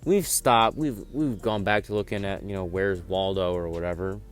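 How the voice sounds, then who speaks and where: A man's voice: sits low, normal speed, clean tone, faint music behind. A teenage guy telling a school story casually, rambling with lots of fillers. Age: teens. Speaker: vlogger. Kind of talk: storytime vlog.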